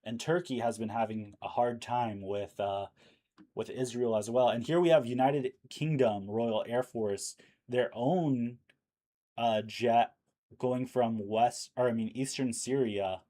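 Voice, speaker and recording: A man's voice: mid-range voice, a little slow, mellow. A man hosting a live news stream, talking casually and thinking aloud with fillers, and losing his voice. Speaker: livestream news host.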